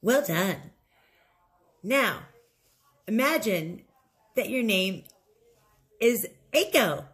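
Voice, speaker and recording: A woman teaching an English lesson, modeling set phrases slowly and clearly for learners to repeat. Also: medium pitch, expressive, a bit bright. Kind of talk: recorded language lesson.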